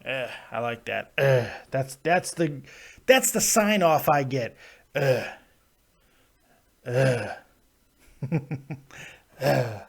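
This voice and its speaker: A man's voice: medium pitch, lively intonation, very slow, vocal fry, pauses often. A man hosting a live wrestling review show, ranting with lots of swearing and laughs, and he is coming down with a cold. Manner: ranting, profane, laughs often. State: getting sick, plugged ears. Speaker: podcast host.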